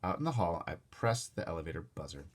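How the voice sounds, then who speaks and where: A man reading a children's chapter book aloud in an animated way, adding his own asides. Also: low voice, quick pace. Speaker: storybook reader.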